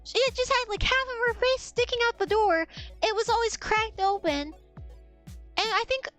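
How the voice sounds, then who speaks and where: A young woman streamer telling an animated, profane story in casual chat. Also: very high-pitched, normal speed, soft background music.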